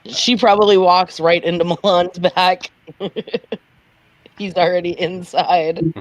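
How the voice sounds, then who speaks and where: A player in a tabletop role-play game, narrating their character slowly with frequent laughs and fillers. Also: medium pitch, fairly even intonation, no room sound. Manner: giggly, slow with fillers.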